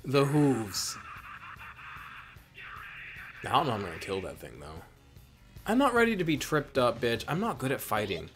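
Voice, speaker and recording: A man chatting through a video game, rambling off on tangents and swearing freely in a playful, self-mocking way. His pitch swings widely and lively, with faint game music under him. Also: fast talker. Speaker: let's play host. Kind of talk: casual gameplay commentary.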